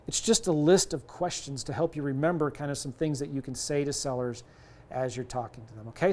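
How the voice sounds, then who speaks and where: A man's voice: on the high side, a little mellow. A middle-aged man coaching on real estate deals in a casual, conversational way, acting out bits of seller calls. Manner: conversational, acts out both sides of sales calls. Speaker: real estate investing teacher.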